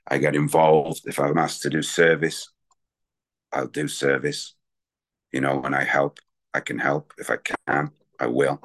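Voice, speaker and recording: A man's voice: a bass voice, little pitch movement, a little slow, fairly bright tone. A man speaking candidly and in a rambling way at a recovery meeting, sharing his own story. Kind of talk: personal recovery share.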